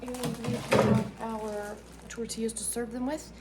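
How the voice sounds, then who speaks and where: A woman's voice: a little high, flat delivery, unhurried, very noisy. A woman, chatting casually while cooking dinner in her home kitchen and filming on a handheld phone. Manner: chatty, rambling, self-correcting. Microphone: handheld phone camera.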